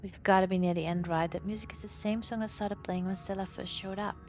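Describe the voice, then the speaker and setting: A woman's voice: mid-range voice, steady tone, fast, darkish tone. A woman hosting a let's play, chatting as she thinks aloud and reads the game text. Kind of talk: gameplay commentary, reading game text aloud. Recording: dull lo-fi sound with game music.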